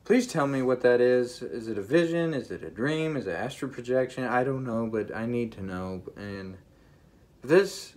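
A man earnestly telling a personal spiritual testimony straight to his viewers, emphatic and halting with frequent restarts. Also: medium pitch, a little mellow. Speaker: vlogger sharing a vision.

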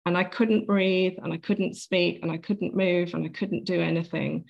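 A woman's voice: lowish voice, fairly even intonation, normal speed, gravelly, dull audio. A woman guest on an interview, telling a personal story earnestly and vividly, acting out what was said. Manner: earnest, vivid retelling with acted-out quotes.

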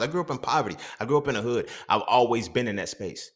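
A man's voice: medium pitch, lively intonation, fast, hardly any pauses. A man hosting a podcast, talking in a casual, profane monologue full of rhetorical questions. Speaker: podcast host.

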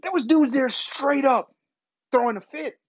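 A man hosting a podcast, delivering a profane, animated comedic rant. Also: very high-pitched, a little slow, no room sound, muffled recording. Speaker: podcast host.

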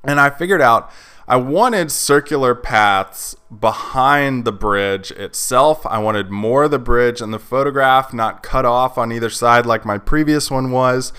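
Podcast host, man, mid pitch, clean resonant voice, casual chatty storyteller. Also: unhurried, sharp tone, clean tone. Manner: chatty, lots of fillers like "like" and "you know".

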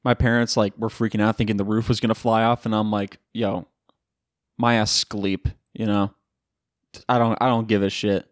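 A man's voice: fairly low pitch, little pitch movement, brisk, no room sound, clean studio sound. A young man from Florida hosting a casual solo podcast from home, joking and swearing in slangy chat. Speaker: podcast host. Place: home room by a window in a hurricane.

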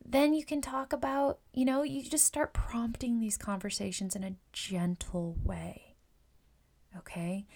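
A woman's voice: fairly high pitch, steady tone, measured pace, a little mellow. A woman who works as a hairstylist and Reiki practitioner, casually coaching fellow stylists and acting out client chats. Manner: chatty, often acts out client conversations; repeats words and uses fillers.

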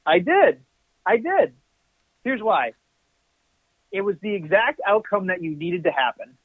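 A man's voice: high-pitched, big pitch swings, a little slow, dry recording. A man co-hosting a podcast in casual chat, rambling and correcting himself as he gives his opinions. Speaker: podcast co-host. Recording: tinny phone-like line, dry.

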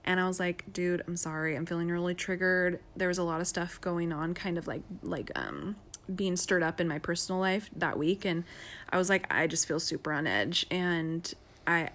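A woman's voice: fairly low pitch, normal speed, a bit bright. A woman in a casual couple's chat, chatty and candid, often laughing as she talks. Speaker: podcast co-host.

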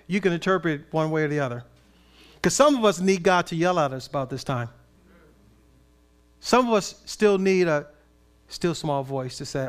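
A man preaching a sermon in an animated, conversational way with playful asides. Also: high voice, normal speed, clean tone. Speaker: pastor.

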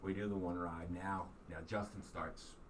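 Podcast host, male, lowish voice, rambling self-mocking storyteller, sits back from the mic with faint hiss. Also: level tone, moderate pace, recorded from a distance. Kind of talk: casual chat, telling a personal story.

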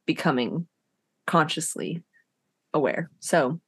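A woman's voice: low voice, lively intonation, takes it slowly, breathy edge, no echo. A woman co-hosting a podcast, talking casually and thoughtfully about psychology and myth, with many fillers. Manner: thoughtful, meandering, with many fillers and bursts of laughter. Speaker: podcast co-host.

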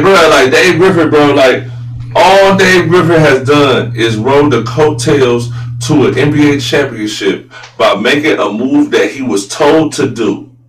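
Blunt, profane man talking basketball. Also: on the high side. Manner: blunt, profane, gets loud and incredulous. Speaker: sports podcast host. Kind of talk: casual opinionated sports talk. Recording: roomy echo, voice a bit far from mic, faint hum.

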